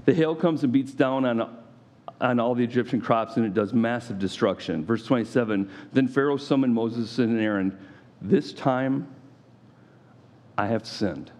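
A man preaching a sermon, animated and playful, acting out scripture with mock voices. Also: mid-range voice, moderate pace. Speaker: pastor.

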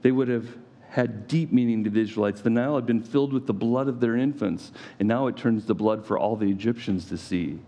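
A man preaching a sermon, animated and playful, acting out scripture with mock voices. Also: medium pitch, a little fast, highs cut off. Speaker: pastor.

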